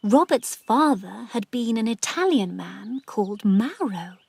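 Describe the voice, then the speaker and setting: A woman narrating a story slowly and clearly for English learners. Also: on the high side, no echo. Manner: slow, clear, even. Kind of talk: slow reading for English learners.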